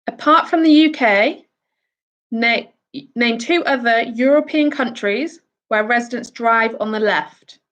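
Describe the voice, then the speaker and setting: A woman's voice: on the high side, fairly bright tone. A woman from the UK hosting a casual quiz, reading out each question and answer with chatty asides. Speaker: quiz host.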